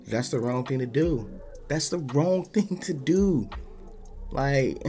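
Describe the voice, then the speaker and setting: A man's voice: medium pitch, expressive, measured pace, darkish tone, soft background music. A man hosting a podcast in a casual monologue, talking bluntly and defiantly, swearing freely and restarting his sentences often. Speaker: podcast host.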